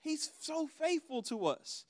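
A man's voice: very high voice, very animated, slow pace, no room sound, studio quality. A young adult man preaching a sermon in a conversational way, acting out prayers in different voices. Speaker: pastor.

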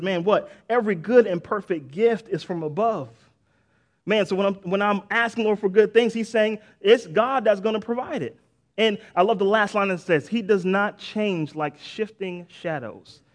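A middle-aged male pastor preaching a sermon in a casual, conversational way, often saying "man" and "right?", with restarts and sudden bursts of emphasis. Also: high-pitched.

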